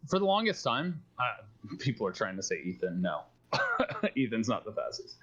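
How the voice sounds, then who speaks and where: A man's voice: medium pitch, wildly swooping pitch, normal speed, fairly bright tone, husky. A man on a sleepy live stream, chatting casually and rambling through his memories with frequent laughs. His voice sits in a middle register, and the audio comes through muffled and lo-fi. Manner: rambling storyteller who laughs often.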